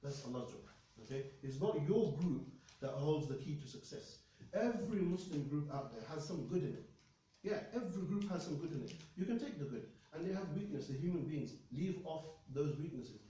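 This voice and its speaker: Fast-talking man teaching in an echoey room. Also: fairly high pitch, animated, warm tone, a little hiss or hum. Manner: emphatic, keeps checking with "okay?". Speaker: Islamic studies teacher. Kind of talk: religious lesson to students. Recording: echoey room, mic at a distance.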